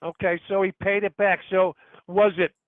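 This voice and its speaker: A man's voice: high voice, little pitch movement, normal speed, no echo. An older man calling into a stream, insisting on his point and talking over the host. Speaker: caller. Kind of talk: heated phone debate. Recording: tinny dry phone line.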